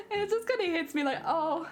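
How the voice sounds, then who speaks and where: A young woman streaming, chatting casually with her audience, laughing often and trailing off mid-thought. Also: very high-pitched.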